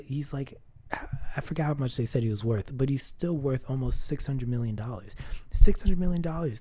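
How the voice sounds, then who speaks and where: A man's voice: mid-range voice, dark tone. A man hosting a solo podcast, giving casual, opinionated commentary with a ranting manner, frequent restarts and some swearing. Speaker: podcast host.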